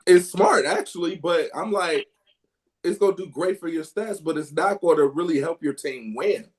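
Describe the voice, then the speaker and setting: A man's voice: on the high side, moderate pace. A man co-hosting a casual basketball talk show, emphatic and a bit preachy when he makes his case. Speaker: podcast co-host.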